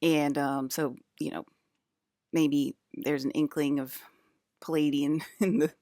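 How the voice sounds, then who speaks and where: A woman's voice: sits low, little pitch movement, slow pace, mellow, no room sound, clean studio sound. A young woman streaming to her chat, rambling casually, giggling often and restarting her sentences with lots of fillers. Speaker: livestreamer talking to chat.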